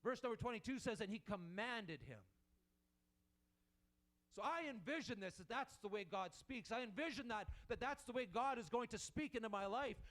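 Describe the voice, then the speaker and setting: A man's voice: sits high, a bit bright. A man preaching a sermon in an earnest manner, repeating and restarting as he builds his points.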